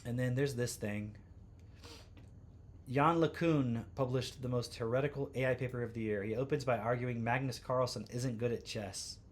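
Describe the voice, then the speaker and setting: A man's voice: medium pitch, steady tone, moderate pace, slight background noise. A man hosting a livestream from home, reading posts aloud and breaking in with sarcastic, incredulous asides. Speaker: livestream host.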